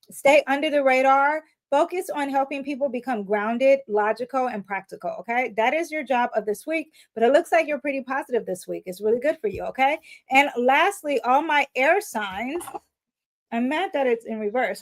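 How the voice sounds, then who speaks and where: A woman talks through a weekly tarot and astrology reading in a loose, conversational way. Her voice sits a little high, and she speaks with emphatic repetition, checking in with listeners as she goes. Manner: chatty, emphatic, repeats "okay?" to viewers.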